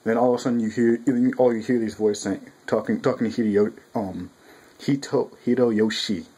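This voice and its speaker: A man's voice: on the low side, moderate pace, husky, low-quality recording. A young man reviewing a manga chapter in a casual, rambling, profane way, at home with his cat nearby. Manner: profane, rambling, animated quoting.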